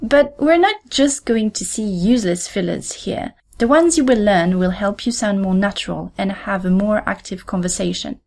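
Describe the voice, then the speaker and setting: Clear, deliberate woman teaching. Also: mid-range voice, darkish tone. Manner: clear, deliberate, repeats example phrases slowly. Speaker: podcast host and French teacher. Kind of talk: scripted language lesson.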